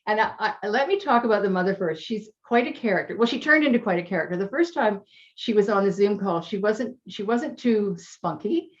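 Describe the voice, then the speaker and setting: A woman's voice: medium pitch, animated, a little fast, highs cut off. A woman health coach telling a client's story in an interview, chatty and emotional, at times teary.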